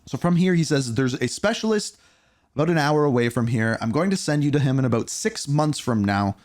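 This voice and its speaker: This is a man in his thirties telling a personal storytime vlog straight to the camera. His delivery is candid and blunt, with casual swearing. His pitch swings widely as he goes, and it sits at a middle height for a man. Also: fairly quick. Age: 30s. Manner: candid, animated storytelling with profanity. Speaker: YouTuber.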